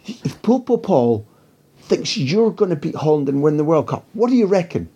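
A man voicing an eager female TV reporter with a shrill, piercing voice. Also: very animated, moderate pace, mellow, breathy edge, dull audio, full character voice.

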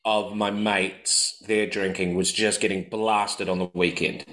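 A man's voice: on the low side, measured pace, roomy sound, rough recording. A man, a podcast co-host telling anecdotes in casual chat, acting out other people's voices as he goes. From New Zealand. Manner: animated, acts out voices in anecdotes.

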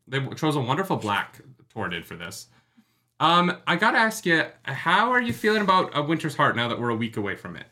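A man's voice: on the high side, huge pitch swings, brisk, pushed and bright. A man co-hosting a casual book discussion stream, rambling and joking with many fillers and restarts. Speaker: podcast co-host.

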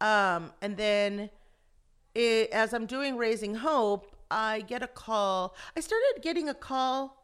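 A woman, an actress and voice actor, chatting as an interview guest and telling animated stories. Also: on the high side, slow, smooth. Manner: animated storyteller, acts out quotes. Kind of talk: casual interview chat.

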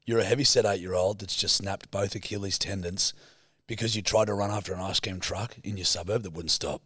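A man's voice: deep voice, fairly even intonation, fairly bright tone, breathy edge, no echo. A man co-hosting a comedy podcast in a studio, teasing his partner and handing out improv prompts. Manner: teasing, quick to laugh, sets prompts. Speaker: podcast co-host.

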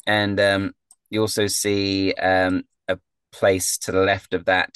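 Brief: low-pitched man, game master narrating, halting with fillers, dry close mic. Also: completely flat delivery, fairly bright tone, clear, resonant tone, dry recording. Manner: descriptive with frequent fillers.

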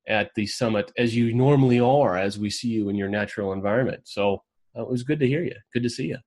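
Upbeat male host, video call, energetic and chatty. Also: mid-range voice, fast. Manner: energetic, upbeat, calls on people by name. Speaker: host of an online roundtable. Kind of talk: casual group video call chat.

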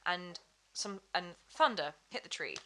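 A woman's voice: on the low side, lively intonation, a little slow, pushed and bright. A woman chatting as a podcast guest, rambling with many fillers and restarts. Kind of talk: casual chat.

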